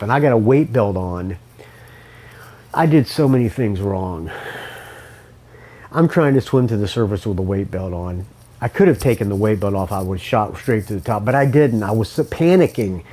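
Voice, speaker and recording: Podcast host, man, low mellow voice, loose rambling storyteller who swears and keeps coughing. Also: animated, moderate pace. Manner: rambling, swearing, self-correcting. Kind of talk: casual storytelling monologue.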